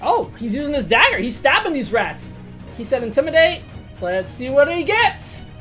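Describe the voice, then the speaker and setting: A woman narrating a tabletop game as game master, excitable, swearing casually and laughing often. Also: sits high, moderate pace, soft background music.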